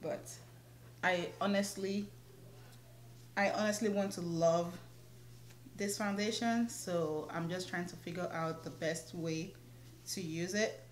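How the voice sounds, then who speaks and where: A woman's voice: on the low side, slow pace, pauses often, roomy sound, slight background noise. A young woman chatting casually while doing her makeup, laughing often. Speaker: beauty vlogger. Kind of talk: casual get-ready-with-me chat.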